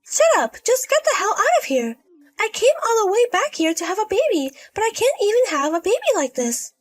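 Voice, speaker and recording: A woman voicing a bossy, spiteful pregnant young sister-in-law who yells insults in a storybook. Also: very high voice, very animated, quick pace. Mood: scornful. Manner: scornful, yelling insults.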